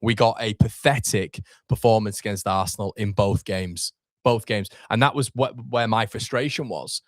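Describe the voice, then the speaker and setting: A man's voice: on the low side, moderate pace, no echo, clean studio sound. A young man hosting a live fan watchalong, reacting with frustration and swearing as he talks to his chat.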